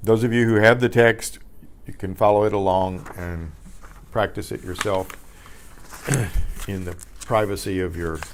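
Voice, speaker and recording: An older man leads a beginner Spanish lesson at an unhurried pace, his voice sitting a little low. He spells words letter by letter, repeats them patiently, and pauses to clear his throat and correct himself. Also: steady tone, a little hiss or hum. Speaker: Spanish teacher.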